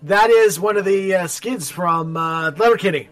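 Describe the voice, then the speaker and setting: A man's voice: high voice, moderate pace. A man from Canada co-hosting a casual movie commentary. He is enthusiastic, restarts his sentences and leans on "like". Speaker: podcast co-host.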